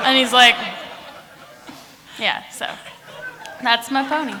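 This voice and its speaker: A woman's voice: a little high, very slow, long pauses, crowd noise, background noise. A woman author answering questions at a casual convention panel, giggly and full of fillers. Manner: giggly, uses lots of fillers. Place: large convention hall. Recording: echoey convention hall.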